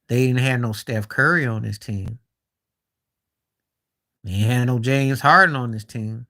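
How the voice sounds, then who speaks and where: With a sharp tone and mid-range pitch, a live stream host speaks at a measured pace with long pauses while chatting loosely about basketball. He tends to trail off and start again, interjecting with disbelief.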